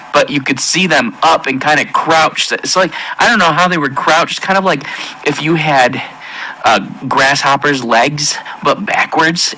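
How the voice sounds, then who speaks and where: Earnest man with a bright, halting voice. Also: medium pitch, poor audio. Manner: halting and earnest, with frequent restarts and pauses; intense, pleading delivery. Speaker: testimony speaker. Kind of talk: emotional personal testimony.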